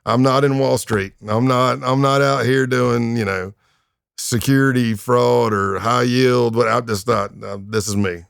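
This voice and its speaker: Man in his 50s, gravelly and low, dry close sound; relaxed, wry podcast storyteller. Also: unhurried, no echo. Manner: laid-back, wry, laughs while telling stories. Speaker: guest, retired undercover agent. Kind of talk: anecdotal storytelling in a podcast interview.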